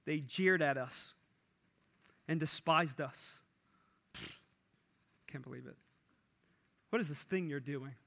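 Guy preaching a sermon, high bright voice, really animated, acts out the quotes. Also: slow pace, creaky, pauses often. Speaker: pastor.

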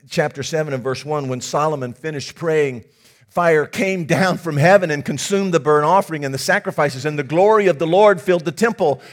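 A man preaching a sermon to his congregation, swinging from hushed passages to loud, emphatic ones with folksy asides. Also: on the high side. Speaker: pastor.

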